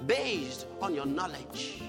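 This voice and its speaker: A man's voice: on the high side, big pitch swings, takes it slowly, vocal fry. A man preaching a sermon, emphatic, repeating his points for stress. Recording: hall reverb with faint music.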